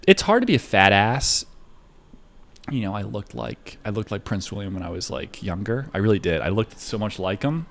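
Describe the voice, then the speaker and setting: A man's voice: fairly low pitch, big pitch swings, moderate pace, fairly bright tone. A man chatting casually on a live stream while trading, rambling and profane, with lots of filler words. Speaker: livestreamer trading stocks.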